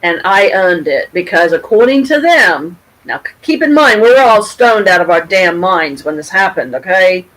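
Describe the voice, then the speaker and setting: A middle-aged woman from Michigan telling a story to her camera at home, rambling and animated, with frequent restarts and casual swearing. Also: on the low side, moderate pace, hardly any pauses, rough recording. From Pontiac, Michigan, USA. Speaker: vlogger. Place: at home, with her cat nearby.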